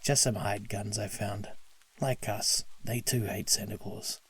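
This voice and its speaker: A man's voice: on the low side, steady tone, measured pace, slightly rough, dry recording, far from the mic, full character voice. A man voicing a gloating rich villain in a storybook tale. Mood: sneering.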